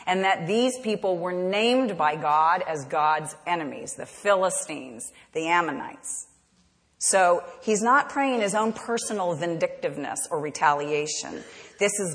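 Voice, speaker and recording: A woman's voice: lowish voice, long reverb tail. A woman preaching a sermon, earnest and direct, often asking the congregation rhetorical questions.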